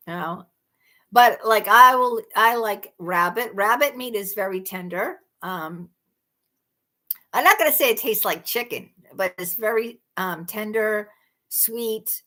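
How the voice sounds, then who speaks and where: Chatty woman, lively and bright. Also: medium pitch. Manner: chatty, rambling, exclaims in disbelief. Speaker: livestream host. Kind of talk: casual live chat.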